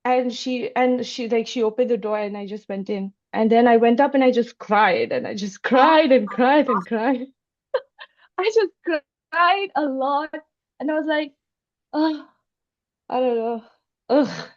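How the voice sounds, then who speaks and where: A woman with a high voice tells a personal story in an easy conversational way. She hesitates and restarts often, and acts out other people's lines. The recording sounds dull and lo-fi. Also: measured pace. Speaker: club member.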